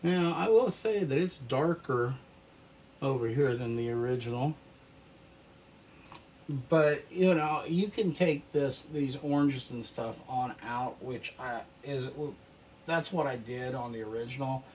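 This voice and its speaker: A man with a medium-pitched, darkish voice gives an easygoing oil painting lesson over slight background noise. He takes his time, painting along and talking half to himself in a relaxed tutorial style.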